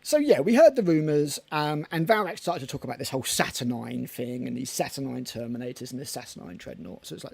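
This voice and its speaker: A man's voice: mid-range voice, expressive, fast, gravelly, hardly any pauses, darkish tone, breathy edge, no room sound. A man co-hosting a casual hobby podcast, rambling and chatty with casual swearing. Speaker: podcast co-host. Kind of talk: casual chat.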